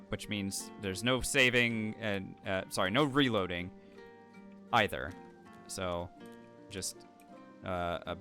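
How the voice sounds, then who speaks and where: Talking in a lowish, pushed, bright voice, a man streams his challenge run live with gameplay commentary. He's chatty and rambling, walks through his moves, thanks viewers, and uses frequent fillers and restarts.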